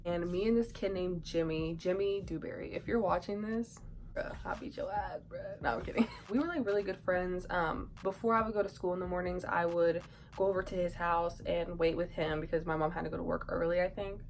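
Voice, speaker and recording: Lively young woman telling a story. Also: lowish voice, brisk, a little hiss or hum, low-quality recording. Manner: animated storytelling, acts out quotes with laughs and whispered asides. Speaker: YouTuber. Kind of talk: casual storytime vlog.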